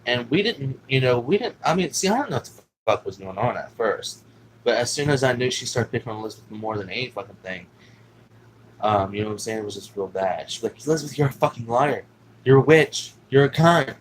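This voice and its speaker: A man's voice: fairly low pitch, fast, a little hiss or hum, rough recording. A man telling a personal story in a casual, rambling way, swearing often and filling gaps with "you know what I'm saying.". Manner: rambling, profane, with many fillers.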